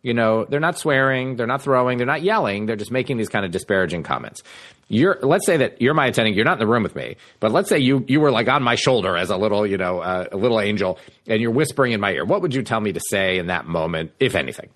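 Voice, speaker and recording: A man hosting a podcast interview, talking in a halting way with frequent restarts. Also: fairly low pitch, lively intonation, a bit bright. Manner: halting, restarts mid-sentence. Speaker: podcast host. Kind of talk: conversational interview.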